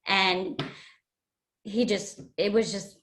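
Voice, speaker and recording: An earnest woman speaks at an ordinary pitch as she tells her own story. She sounds emotional and often halts on fillers. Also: steady tone, takes it slowly, fairly bright tone. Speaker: guest sharing a testimony. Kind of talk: personal testimony.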